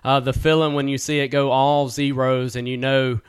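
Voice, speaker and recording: A man's voice: medium pitch, little pitch movement, moderate pace, clean tone, no echo. A man hosting a sports podcast, talking in an easygoing way with "uh" fillers. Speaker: podcast host. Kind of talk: casual interview.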